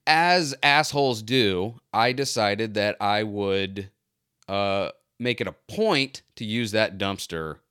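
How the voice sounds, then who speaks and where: A man's voice: fairly low pitch, clear, resonant tone, no echo. Dry, close-sounding man telling a story. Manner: animated, self-mocking, acts out quoted lines. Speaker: pool cleaner. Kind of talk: casual personal storytelling.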